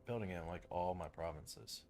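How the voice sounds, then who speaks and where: A man's voice: low-pitched, normal speed, a little mellow, soft background music. A young man casually commenting on his strategy game, rambling and swearing, with lots of fillers. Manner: rambling, profane, full of fillers. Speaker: game streamer.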